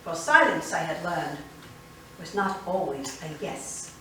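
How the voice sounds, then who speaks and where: An actress in a solo theatrical monologue, playing an older immigrant grandmother who tells her story with expressive, indignant energy, recorded from a distance in an echoey theater. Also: low-pitched, a little slow, slight background noise. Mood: recounting. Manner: expressive storytelling, switching between wistful and fiery. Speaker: solo stage performer. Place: theater stage.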